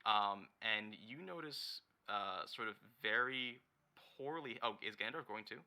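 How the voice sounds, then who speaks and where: A man running a tabletop game as dungeon master, narrating in a halting, rambling way as he searches for words. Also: lowish voice, lively intonation, sharp tone.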